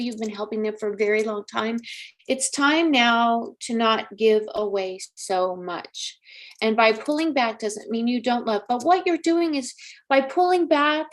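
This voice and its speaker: A middle-aged woman doing a live psychic reading, chatty and coaxing, calling viewers honey and girl. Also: fairly high pitch. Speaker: psychic medium. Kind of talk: live-stream astrology reading.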